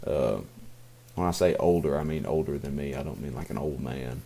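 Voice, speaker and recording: A man's voice: rumbling low, normal speed, vocal fry, warm tone, slightly rough. A young man co-hosting a podcast, talking casually in a rambling way with many fillers and restarts. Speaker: podcast co-host. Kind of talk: casual chat.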